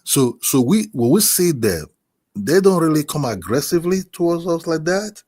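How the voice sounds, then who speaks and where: A man's voice: a little high, very animated, normal speed, a little mellow, breathy edge. A man from Nigeria, a guest in a heated casual debate, insistent and repeating himself. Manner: insistent, repeats himself, keeps asking "you understand me?".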